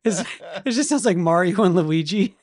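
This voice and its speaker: A man co-hosting a podcast in casual chat, jokey and quick to laugh, with chatty asides. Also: high-pitched, animated, darkish tone. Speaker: podcast co-host.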